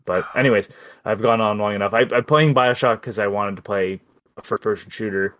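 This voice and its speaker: A man co-hosting a gaming podcast, chatty and animated, often cutting himself off mid-thought. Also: fairly low pitch, brisk. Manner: chatty, animated, self-interrupting. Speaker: podcast co-host. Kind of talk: casual gaming chat.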